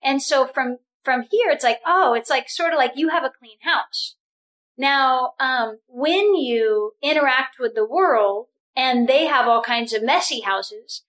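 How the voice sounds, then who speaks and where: A high-pitched woman guiding a spiritual group session. She talks with bubbly, animated energy, breaking into laughter and restarting phrases as she goes. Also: poor audio.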